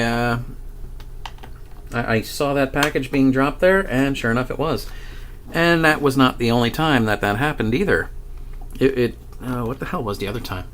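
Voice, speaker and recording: A man with a voice of ordinary pitch recounts a paranormal experience in a loose, casual monologue. He rambles, swears freely, restarts his sentences and laughs now and then as he talks. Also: fairly bright tone, a little hiss or hum. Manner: rambling and profane, with many restarts and chuckles. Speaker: paranormal vlogger.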